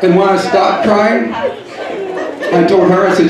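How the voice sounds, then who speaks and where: A middle-aged man doing a stand-up comedy set, deadpan and teasing the crowd. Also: high-pitched, slow. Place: comedy club in a hotel. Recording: echoey club from far off. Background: audience laughing.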